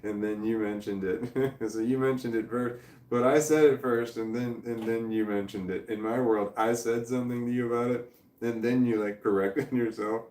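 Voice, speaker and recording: A man's voice: mid-range voice, fairly even intonation, moderate pace, a little mellow, reverberant. A man hosting a casual livestream, rambling and chuckling as he reads viewer comments aloud and trails off mid-thought. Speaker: livestream host.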